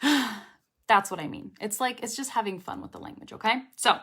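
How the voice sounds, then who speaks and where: A woman's voice: a little high, moderate pace, fairly bright tone, husky. A young woman teaching English pronunciation in a casual lesson to camera, chatty and encouraging, often checking in with her viewers.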